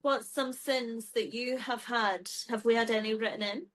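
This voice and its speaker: Relaxed woman co-hosting a podcast. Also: fairly high pitch, moderate pace. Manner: relaxed, affirming, brief replies. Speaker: podcast co-host. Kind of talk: casual chat.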